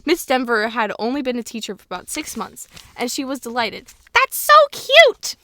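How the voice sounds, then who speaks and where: Casual podcast lady reading a kids book out loud, laughs a lot, trips on words, bit high pitched, no room echo. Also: a little fast. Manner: giggly, stumbles over words while reading. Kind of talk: casual reading aloud with banter.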